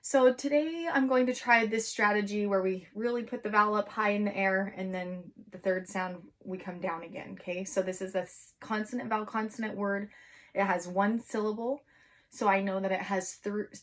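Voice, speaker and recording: A woman teaching kindergartners online, her voice sitting at an ordinary middle pitch. She draws out each letter sound slowly and with exaggeration, and keeps an encouraging, sing-song lilt as she walks the children through the lesson.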